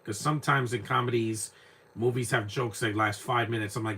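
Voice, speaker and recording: Rambling husky-voiced man, bright tone. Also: mid-range voice, fairly even intonation, normal speed. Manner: rambling, repeats words while searching for names. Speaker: movie commentator. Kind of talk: casual live movie commentary.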